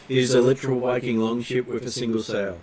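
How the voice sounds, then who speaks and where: A man narrating a tabletop game as game master, pausing often on fillers as he describes scenes. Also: mid-range voice, darkish tone, a little hiss or hum. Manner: hesitant, filler-heavy narration.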